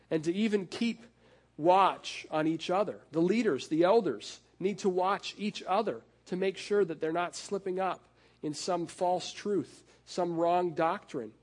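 A middle-aged male pastor with a fairly high voice gives a sermon in an easy, conversational tone. He restarts his phrases often, uses fillers, and slows right down to press home the key lines.

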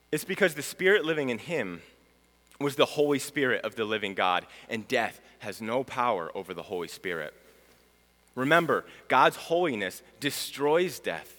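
A man preaches a sermon with a bright, forceful voice. His pitch moves a lot, and he swings from ringing proclamation to quiet, solemn lines. The sound carries a long hall reverb. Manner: dramatic, swings from loud proclamation to hushed. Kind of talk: sermon teaching.

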